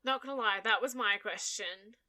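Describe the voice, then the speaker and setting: A woman's voice: mid-range voice, moderate pace, sharp tone. A woman co-hosting a podcast, who reacts bluntly and swears freely. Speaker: podcast co-host. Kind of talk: casual chat.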